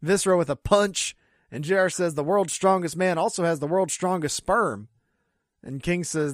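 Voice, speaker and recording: Podcast co-host, man, higher-pitched, chatty recapper, dry close mic. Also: normal speed, no room sound. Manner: chatty, lots of "like", frequent laughs. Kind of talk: casual chat recapping wrestling.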